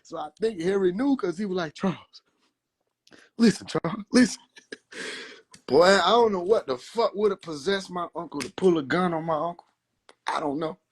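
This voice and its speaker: A man hosting a livestream, telling family stories in a casual, profane, animated way with frequent laughter. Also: high-pitched, brisk, breathy edge. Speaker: livestream host.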